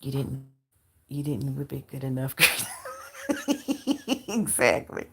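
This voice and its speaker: Livestream host, woman, low voice, blunt and profane, on the verge of tears. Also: flat delivery, moderate pace, noisy background. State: close to crying. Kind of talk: emotional livestream chat with viewers.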